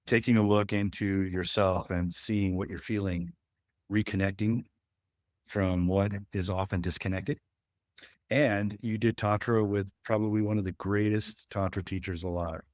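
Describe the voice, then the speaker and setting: Low-voiced man coaching couples. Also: steady tone, moderate pace, darkish tone, no echo, clean studio sound. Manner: folksy, acts out quoted dialogue. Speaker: relationship coach. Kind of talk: workshop talk to a live audience.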